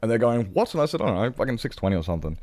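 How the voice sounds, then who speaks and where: A man's voice: medium pitch, sing-song, very fast, darkish tone, dry recording. A man streaming, chatting casually with viewers, rambling and correcting himself, swearing freely. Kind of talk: casual chat with live chat.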